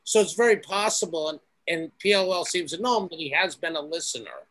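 A man in a casual podcast chat, making his point in a measured, reasoning way. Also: a little high, lively intonation, a bit bright, no room sound, low-quality recording.

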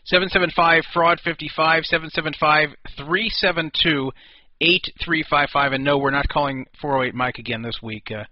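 A man's voice: fairly high pitch, fairly even intonation, moderate pace, hardly any pauses, no echo. Casual man hosting a lo-fi online radio show. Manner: casual, self-deprecating, rambling with restarts. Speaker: host. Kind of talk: solo internet radio show. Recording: dull lo-fi dry sound.

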